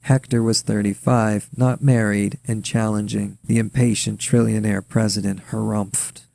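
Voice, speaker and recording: A man reading his own story aloud in a measured, wry storytelling manner. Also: fairly low pitch, level tone, creaky, darkish tone, dry recording. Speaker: author and narrator. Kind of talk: scripted story narration.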